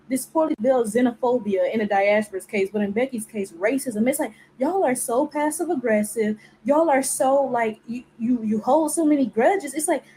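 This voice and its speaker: High-pitched ranting woman. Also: warm tone, slight background noise, poor audio. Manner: blunt, exasperated, mocking imitations. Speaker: commentator. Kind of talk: ranting video commentary.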